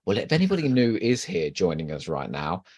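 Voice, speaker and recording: A man's voice: low-pitched, wildly swooping pitch, brisk, darkish tone, no echo. A man hosting a livestream, chatting casually and teasing his co-host with flirty banter before the show starts. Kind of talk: casual pre-show chat.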